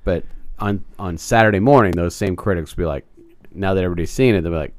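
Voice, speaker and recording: Podcast host, man, middle-aged, lowish voice, crude jokey rambler, dry close sound. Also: fast, no echo. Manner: crude, joking, rambling with restarts. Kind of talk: casual comedic chat.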